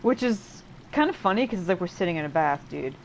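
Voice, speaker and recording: A woman's voice: on the low side, gravelly, slight background noise, poor audio. A woman hosting a game playthrough, casually chatting and translating dialogue with lots of fillers and self-interruptions. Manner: paraphrases game dialogue in quick lively asides. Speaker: let's play host translating a game. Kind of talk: casual gameplay commentary.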